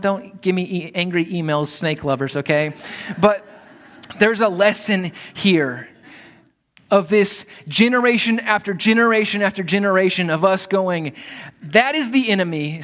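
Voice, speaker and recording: A man's voice: sits high, fairly bright tone. A man preaching a sermon as pastor, in a conversational way with direct asides to his listeners.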